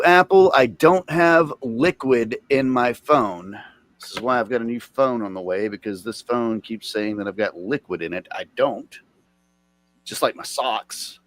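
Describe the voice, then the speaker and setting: A man chatting casually on a live stream, rambling and swearing with sudden loud outbursts. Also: fairly low pitch, moderate pace, no room sound.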